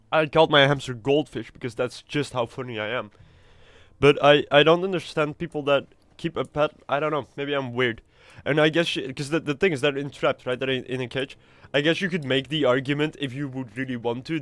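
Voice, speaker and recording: A man's voice: medium pitch, a bit bright, dry recording. A man streaming a video game, chatting casually in a rambling, self-mocking way with stammers and restarts. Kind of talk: casual gameplay chat.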